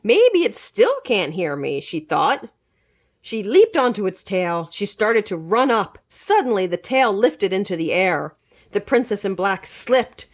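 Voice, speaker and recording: Animated woman reading a kids' book. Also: mid-range voice, measured pace. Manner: expressive, animated read-aloud. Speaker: children's librarian. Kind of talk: children's storybook reading.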